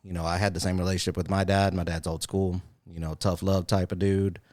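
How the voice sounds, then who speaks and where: A man in his forties with a very low voice shares parenting stories in a relaxed podcast chat. His delivery is animated, slipping into the voices of the people he quotes. The sound is dry and close, with no room echo. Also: brisk. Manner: animated storyteller who acts out quoted voices. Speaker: podcast co-host. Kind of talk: casual chat.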